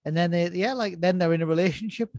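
A man's voice: high-pitched, quick pace, a little mellow, no echo, studio quality. A man in casual chat, rambling and laughing as he recaps a show.

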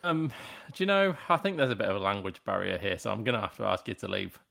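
Low gravelly guy on a comedy podcast, bright edge, lots of ums. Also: big pitch swings, fast. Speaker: improv podcast player.

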